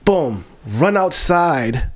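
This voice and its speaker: A man's voice: a little high, sing-song, drawn-out words. A man who works as a bartender tells a profane story in casual chat, laughing along as he goes.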